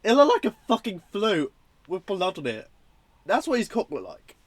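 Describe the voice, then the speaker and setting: A young man reviewing a horror film in a casual, rambling, profane and excitable way. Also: sits high, moderate pace, breathy edge, dry recording.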